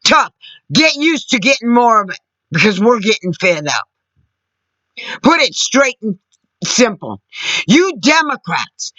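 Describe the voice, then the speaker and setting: Woman, angry rant, cursing, lively pitch, slow deliberate pace, dull lo-fi sound. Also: dry recording. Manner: furious, profane, shouting at times. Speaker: vlogger.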